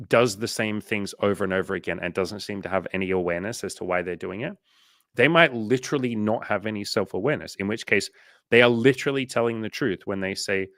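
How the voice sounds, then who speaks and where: A man's voice: sits low, fairly bright tone, dry recording. A man hosting a casual livestream coaching chat, swearing casually and animatedly retelling conversations.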